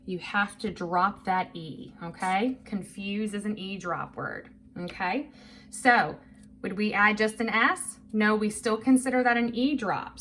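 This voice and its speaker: Lady teacher doing a phonics drill, super slow and patient, little hiss in the background. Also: medium pitch, a bit bright. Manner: slow, patient, encouraging, drawing out each word. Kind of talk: phonics lesson for young children. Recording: faint background noise.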